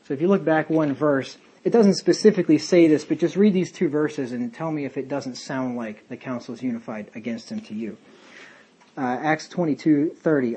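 A man's voice: medium pitch, normal speed, warm tone, husky, poor audio. A man leading a casual Bible study, talking in a rambling, conversational way with many fillers and tangents. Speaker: Bible teacher.

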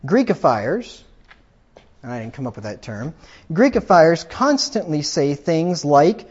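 A man preaching a combative, sarcastic sermon that builds to emphatic, drawn-out peaks. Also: a little high, sing-song, darkish tone, highs cut off. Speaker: pastor.

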